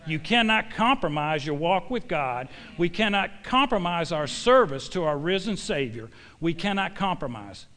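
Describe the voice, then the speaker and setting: A man with a fairly high voice for his sex, preaching in a church. He speaks in a folksy, emphatic way and leans on homespun sayings to drive each point home to his congregation. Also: animated, normal speed, hardly any pauses, fairly bright tone. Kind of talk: sermon.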